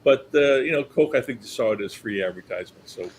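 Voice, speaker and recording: An older man spins lively anecdotes from his career, acting out what others said and chuckling along. His pitch sits in the middle for a man. A faint hiss runs under the recording. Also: fast talker, low-quality recording. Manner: animated storyteller, acts out quotes, chuckles. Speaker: company historian, guest. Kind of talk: anecdotal storytelling.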